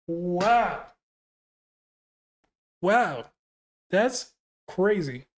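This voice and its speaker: A man streams a live reaction to a comic, reading the panels aloud between exclamatory, slangy comments that often end in "yo" or "bro." His voice sits high and a little mellow at a normal speed. There's a little hiss or hum.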